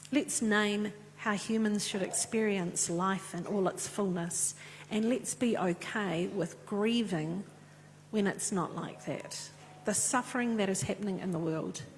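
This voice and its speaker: A woman preaching a sermon and reading scripture in an earnest, conversational way. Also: mid-range voice. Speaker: pastor. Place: church. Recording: echoey church with faint hum.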